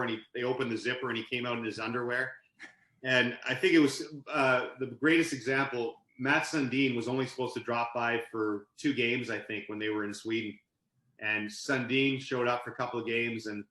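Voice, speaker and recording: A man with a bright, forceful voice tells stories at an animated clip, now and then laughing as he goes. He sounds like a guest on a casual podcast, and the sound carries a roomy echo. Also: mid-range voice. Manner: animated anecdote-telling, laughs mid-story. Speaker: podcast guest, author and sportscaster. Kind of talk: casual storytelling interview.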